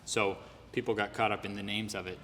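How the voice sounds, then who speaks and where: A man's voice: on the low side, little pitch movement, brisk, pushed and bright, in a large hall, a little hiss or hum. A man speaking as a podcast guest on knee training, earnest and building to heated emphasis in casual conversation.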